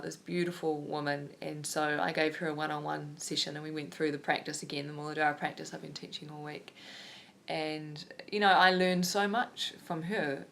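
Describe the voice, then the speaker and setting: A woman's voice: low-pitched, gravelly, a bit bright. A woman, a yoga teacher talking openly and reflectively in a personal vlog, wandering with many fillers.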